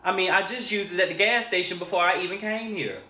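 A man's voice: high voice, fast, pushed and bright, slight background noise. A man in a comedy skit clip, playing a brash customer outraged that a card was declined. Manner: brash, swearing, comic outrage. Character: loud indignant customer whose card declined. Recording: echoey room from a video clip.

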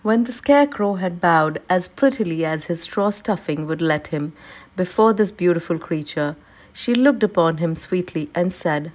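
A woman narrating a classic storybook aloud with a calm, steady reading. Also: fairly low pitch, normal speed.

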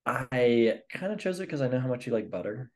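A man's voice: mid-range voice, sing-song, brisk. A man co-hosting a podcast in casual chat, with a dry, teasing manner. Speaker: podcast co-host.

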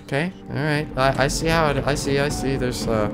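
A man's voice: medium pitch, brisk, music in the background. A man doing let's play commentary in a sarcastic, jokey way, scolding the game character and swearing in sudden outbursts. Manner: swears and exclaims in bursts. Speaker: gaming video creator.

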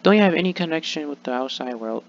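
A man's voice: on the high side, animated, rapid-fire, vocal fry, dull audio. A young man rambling sulkily in a vlog, full of restarts and fillers. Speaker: vlogger. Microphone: laptop mic.

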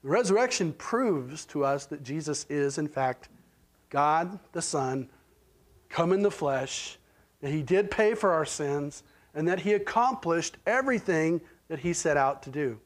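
High-voiced Oklahoman preacher. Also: lively intonation, a little slow. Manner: conversational preaching, frequent "right?" and "okay?" check-ins. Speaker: pastor. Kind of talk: sermon. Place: church sanctuary.

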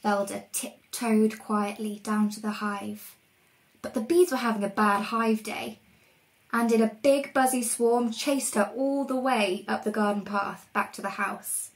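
A woman reading a storybook aloud to children in a lively, expressive way. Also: medium pitch, unhurried, rough recording. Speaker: reader.

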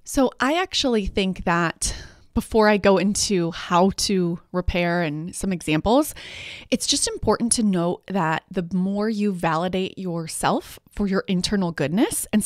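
A woman hosts a solo parenting podcast, teaching in an earnest, encouraging tone. Her voice sits in the middle of the pitch range. The recording is close and dry. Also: no echo. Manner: warm, earnest, explanatory. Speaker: podcast host, parenting coach.

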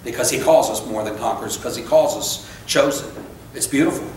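A man's voice: mid-range voice, fairly quick, vocal fry, a little mellow, distant mic, a little hiss or hum. A man preaching a sermon as pastor, emphatic and repetitive, breaking into casual asides and stories about himself. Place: church sanctuary. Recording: echoey church recorded from afar.

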